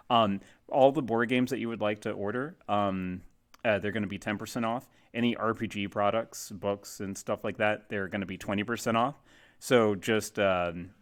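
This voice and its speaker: A man chatting casually on a livestream, rambling and self-deprecating with lots of fillers, testing his webcam mic. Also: fairly low pitch. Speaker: game cafe streamer. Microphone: webcam mic, testing placement.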